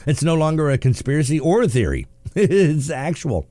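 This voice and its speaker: A man hosting a morning talk radio show, sarcastic and quick to laugh as he comments on the news. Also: fairly high pitch, sing-song, warm tone, dry recording. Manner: joking and sarcastic, laughs often. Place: radio studio.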